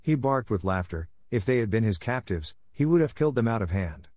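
A man narrating a fantasy novel in an even, measured storytelling manner. His voice sits very deep, and the recording is dry and close, with no room sound. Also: no room sound. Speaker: audiobook narrator. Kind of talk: scripted narration.

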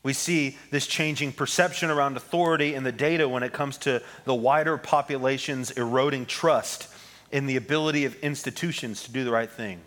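A man preaching to his congregation in a relaxed, conversational way, at an ordinary middle pitch. He takes scripture slowly and pauses between lines. He talks to the room as if to friends. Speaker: pastor. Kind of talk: sermon. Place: church sanctuary with congregation.

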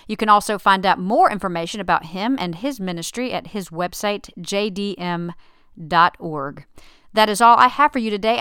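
Bright, crisp female host. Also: mid-range voice, dry recording, studio quality. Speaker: podcast host. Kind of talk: scripted show sign-off.

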